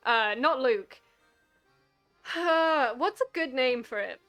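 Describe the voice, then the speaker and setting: A woman's voice: high-pitched, animated, slow pace, long pauses, a bit bright, soft background music. A giggly, playful woman streaming and chatting casually over a game from her living room.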